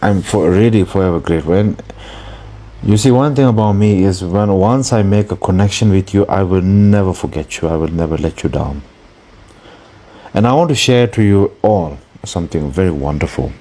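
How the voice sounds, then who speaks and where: A man with a very low, deep voice gives a Buddhist dharma talk. He speaks earnestly, pausing to hunt for the right word and circling back on his phrases. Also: warm tone. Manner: earnest and searching for words, with pauses. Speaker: Buddhist teacher.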